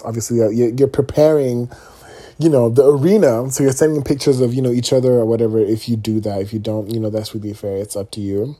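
A young man talking casually to his viewers, candid and animated, often checking in with "okay?" asides. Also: medium pitch, brisk. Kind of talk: casual vlog monologue.

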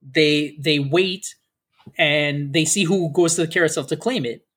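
Husky high-voiced man rambling. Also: unhurried, fairly bright tone. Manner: rambling storyteller, acts out quoted officers, many fillers. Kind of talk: casual chat.

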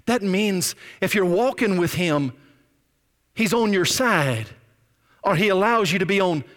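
A male pastor preaching a sermon with emphatic, drawn-out stresses, sometimes dropping almost to a whisper. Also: high-pitched, a bit bright, long reverb tail. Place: church sanctuary.

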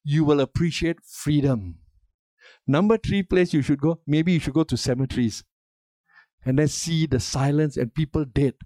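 Older male pastor, emphatic sermon delivery with call-and-response, slightly high voice, dry close sound. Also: moderate pace, dark tone, no room sound.

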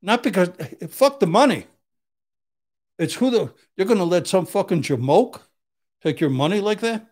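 At a moderate pace and with lively intonation, an older criminal defense attorney speaks in a high, slightly mellow voice. He tells profane, blunt stories in casual conversation, acting out what people said.

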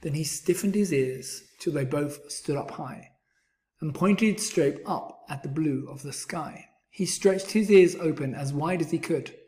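Slow, rhythmic man reading kids' rhymes. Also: a little high, darkish tone. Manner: rhythmic, rhyming storybook delivery. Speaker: storyteller. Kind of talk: children's story read-aloud.

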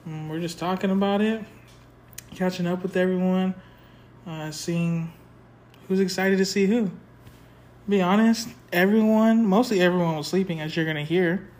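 A man's voice: sits high, moderate pace, darkish tone. A young man hosting a casual podcast late at night in a rented house. He sounds sleepy, rambles loosely and laughs often. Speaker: podcast host. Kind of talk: casual chat. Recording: noisy home recording.

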